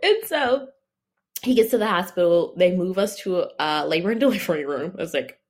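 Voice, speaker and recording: A woman's voice: on the low side, brisk. A woman casually telling a personal story, laughing often and acting out what others said. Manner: laughs often, animated in retelling; acts out other people's lines.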